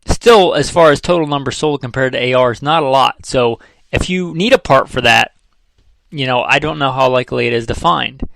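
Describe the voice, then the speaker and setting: Gravelly-voiced man giving a casual lesson. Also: medium pitch, normal speed, a bit bright, no room sound, rough recording. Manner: conversational, repeats figures, dry sarcastic asides. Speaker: firearms trainer. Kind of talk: casual instructional talk.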